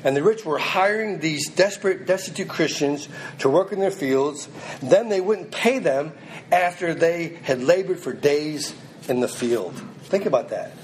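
A man's voice: fairly high pitch, lively intonation, unhurried, a little hiss or hum, rough recording. A man preaching a sermon, reading scripture aloud and then pressing it on his listeners in an earnest, emphatic way.

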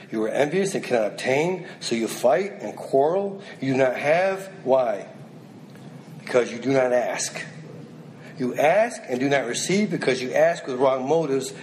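A man delivers a sermon in a slightly raised voice, moving between steady scripture reading and urgent, pressing appeals to his listeners. A faint hiss of background noise sits under the recording. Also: a little high, low-quality recording. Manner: reads scripture then exhorts directly, rising and pressing. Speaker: preacher.

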